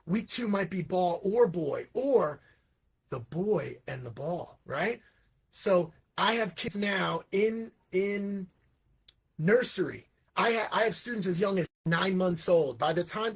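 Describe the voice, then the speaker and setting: A man who is an English teacher and founder of an education program, speaking in a live, energetic monologue with frequent asides. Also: high-pitched, breathy edge. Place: Hong Kong.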